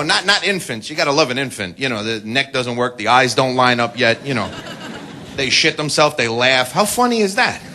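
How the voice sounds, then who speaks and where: An American man doing a stand-up comedy routine, brash and profane, telling stories with shouted impressions. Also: on the high side. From United States. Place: comedy club stage before a live audience. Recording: live club recording, loud crowd and noise. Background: audience laughter and applause.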